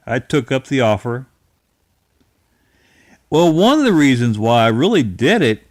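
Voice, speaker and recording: Slow folksy middle-aged storyteller. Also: male voice, medium pitch, no echo, studio quality. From Ohio-Kentucky area. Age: 50s. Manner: rambling, folksy, chuckling, restarts often. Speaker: channel host. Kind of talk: casual storytelling monologue.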